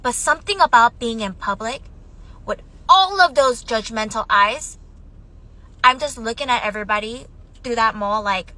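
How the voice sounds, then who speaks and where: A woman's voice: fairly high pitch, animated, moderate pace, sharp tone, poor audio. A mother telling a personal story in an emotional, shaky voice, close to tears. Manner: tearful, shaky, on the verge of crying. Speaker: mother of young children.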